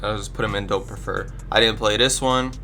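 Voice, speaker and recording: A man's voice: on the low side, fairly even intonation, a little fast, pushed and bright, soft background music. A young man with a stuffy nose from allergies, casually rambling his blunt opinions as a gaming YouTuber into a desk microphone. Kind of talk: casual commentary ranking video games.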